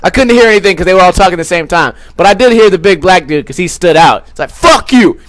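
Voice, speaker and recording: A young man with a high voice tells a rambling, foul-mouthed story as a podcast host. He keeps slipping into quick put-on voices for the people in it. The sound is dry and close, with no room echo. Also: fairly bright tone. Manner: crude, rambling, swears a lot, acts out quoted voices. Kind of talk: casual storytelling.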